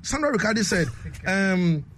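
A man's voice: sits high, normal speed, background noise. A man with a Ghanaian accent hosting a casual radio show, reading out listener messages and laughing often. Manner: animated, laughs often, repeats "you understand me".

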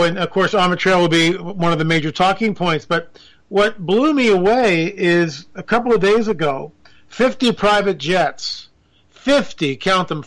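A man giving casual political commentary in a sarcastic, excitable rant. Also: high voice, low-quality recording.

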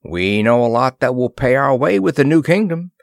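A man's voice: mid-range voice, expressive, normal speed, gravelly, dry recording, studio quality. A man voicing a cool male flyer who drawls, mutters and speaks with sarcasm. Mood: sardonic.

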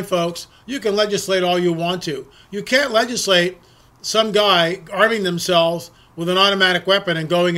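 Man, high-pitched, bright forceful tone, emphatic political monologue, stumbling restarts. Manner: emphatic, repetitive, with frequent restarts. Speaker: political commentary host. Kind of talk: opinionated monologue.

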